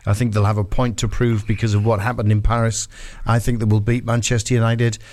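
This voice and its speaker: A man co-hosting a radio football show, giving his match picks in casual chat, pausing often. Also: lowish voice, little pitch movement, darkish tone. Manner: hesitant, fills pauses with um and uh. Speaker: radio co-host.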